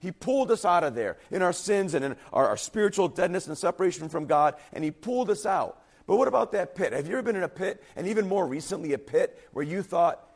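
A man preaching a sermon in an earnest, emphatic way, and his voice at times falters and turns quiet and husky. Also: high voice, lively intonation, quick pace, hardly any pauses. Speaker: pastor.

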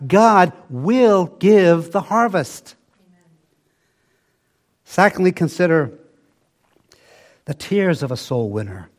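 Older guy preaching, a bit high-pitched, slow and emphatic, goes soft and low for effect. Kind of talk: sermon.

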